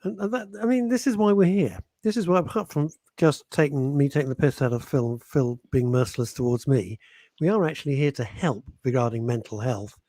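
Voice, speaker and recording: A man's voice: medium pitch, brisk, dark tone, no room sound. A man co-hosting a radio show, casually bantering and reading out listener messages with playful teasing and mock outrage.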